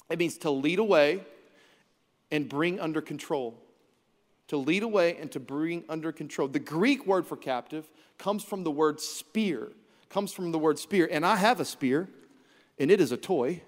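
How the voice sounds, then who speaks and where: Male pastor, sermon, slightly high voice, storytelling, echoing church hall. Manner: storytelling, self-mocking, acts out quotes. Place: church sanctuary. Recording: long hall reverb in church.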